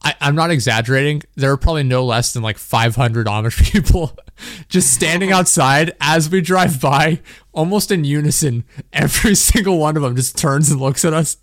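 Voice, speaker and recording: A man's voice: a little high, moderate pace, no room sound, studio quality. A man hosting a podcast, telling stories animatedly with frequent swearing and laughter. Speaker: podcast host. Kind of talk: casual chat.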